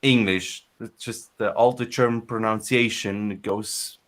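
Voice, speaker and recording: A man's voice: lowish voice, steady tone, measured pace, a bit bright. A man chatting casually on a podcast, rambling with many restarts and fillers. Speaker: podcast co-host. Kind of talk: casual chat.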